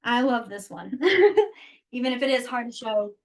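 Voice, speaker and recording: A woman teaches a beginner sign language class over a video call from a small room. Her voice sits a little high, and she talks in a chatty, easygoing way, explaining each step and often laughing. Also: sing-song, measured pace.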